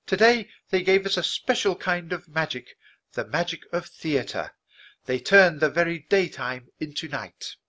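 A man's voice: fairly high pitch, animated, unhurried, sharp tone, pitched above the performer's own voice, heavily acted. A man voicing an aged queen who speaks to her people in a stately, gracious way.

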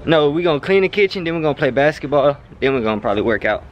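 A man vlogging casually from his home kitchen, chatty and animated as he talks straight to viewers. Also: on the high side, racing, few pauses, slight background noise.

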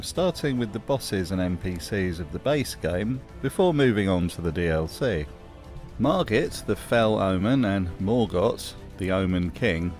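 A man narrating a scripted video essay with wry, jokey commentary. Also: fairly low pitch.

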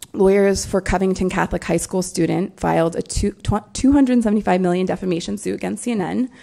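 A woman lawyer giving a prepared symposium talk, measured and emphatic. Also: mid-range voice, gravelly, warm tone. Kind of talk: prepared speech.

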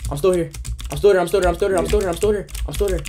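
Young man firing rapid repeated callouts. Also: high-pitched, over a noisy crowd. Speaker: teammate. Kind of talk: in-game voice chat callouts.

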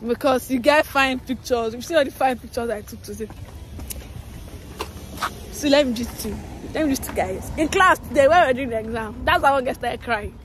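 A young woman vlogger with a Nigerian accent chats casually to camera, slipping Pidgin phrases into her talk. Her voice is high-pitched, and she speaks at a normal speed.

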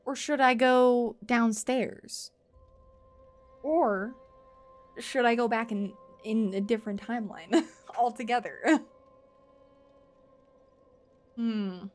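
High-voiced streamer woman, playful. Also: steady tone, takes it slowly, pauses often, soft background music. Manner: dramatic mock grief, playful and swearing. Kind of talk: casual gameplay commentary.

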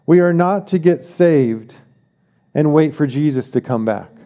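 A man's voice: fairly high pitch, lively intonation, a little slow, dark tone. A man preaching a sermon as pastor, emphatic, repeating key phrases and asking the congregation questions.

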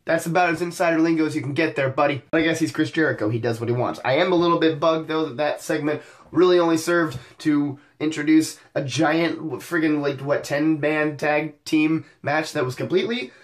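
A young man hosting a wrestling show recap, talking energetically with wisecracks and sudden excited outbursts. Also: a little high, fairly quick. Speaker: wrestling podcast host.

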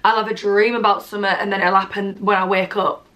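A woman, gushing excitedly through a casual gift haul at home and swearing freely. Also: medium pitch, fast. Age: 20s. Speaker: vlogger.

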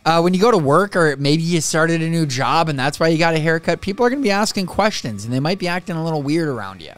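Male reaction host from the northern US, fairly high, bouncy voice, faint music under him. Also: animated, fast talker, a bit bright. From northern United States. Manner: chuckles often, chatty and amused. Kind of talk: casual reaction commentary.

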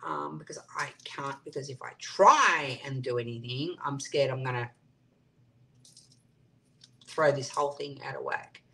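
Slow, bright-voiced woman chatting live. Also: a bass voice, gravelly, a little hiss or hum. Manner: chatty, reads viewer comments aloud and answers them. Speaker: livestream host. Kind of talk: casual live-stream chat.

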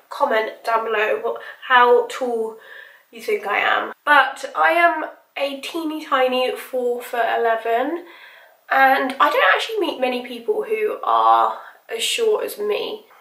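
A woman's voice: on the high side, fairly bright tone, roomy sound, distant mic. Chatty woman in her twenties. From England. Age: 20s. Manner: chatty, informal, with slang like "bloody hell" and "reckon". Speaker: makeup vlogger. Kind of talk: casual get-ready-with-me chat.

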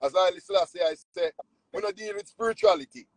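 A Jamaican man, a nutritionist, telling spiritual stories in a casual, preachy, animated way. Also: fast, creaky, dry recording, rough recording. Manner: animated, preachy, swings pitch widely.

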